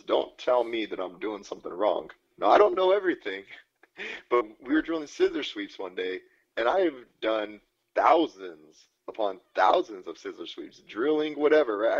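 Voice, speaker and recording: A man with a lowish, breathy-edged voice co-hosts a podcast, telling stories in a laid-back way with swearing and easy laughs. The lo-fi podcast audio sounds dull.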